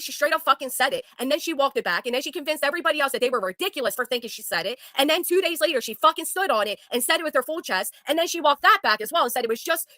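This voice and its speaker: A woman's voice: high-pitched, fairly bright tone, dry recording, studio quality. A woman hosting a talk show, speaking in an angry, sarcastic, profane rant to her guest. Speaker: YouTube commentary host. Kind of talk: heated casual talk with a guest.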